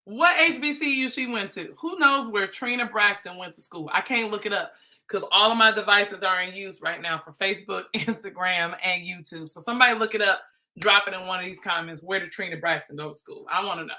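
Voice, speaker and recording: Woman on a livestream talking reality tv, bright and punchy, playful and teasing. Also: mid-range voice, brisk. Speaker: livestream host. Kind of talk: casual reality-TV commentary.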